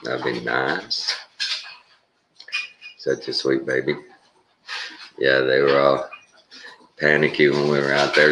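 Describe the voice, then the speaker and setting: Older texan man, very low voice, folksy morning vlog chatter, noisy background. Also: fairly even intonation, takes it slowly, vocal fry, pauses often. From Texas. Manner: folksy, rambling, chuckles often. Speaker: vlogger.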